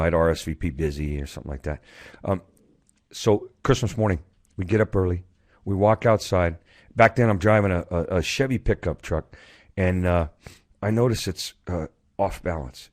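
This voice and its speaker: A fairly low-pitched man speaking on a video call, telling a personal story to a conference audience. His words come in rapid-fire bursts, and he often stumbles and restarts partway through a thought. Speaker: recovery speaker.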